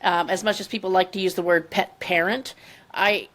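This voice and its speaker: A woman's voice: fairly low pitch, fairly even intonation, moderate pace, fairly bright tone. A woman hosting a podcast, speaking candidly and reflectively in casual conversation, with firm opinions. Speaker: podcast host.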